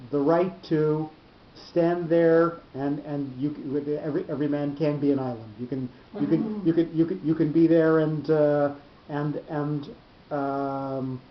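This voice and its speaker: A man teaching a Torah study class, explaining slowly and often repeating his words. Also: a little high. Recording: roomy lo-fi class recording.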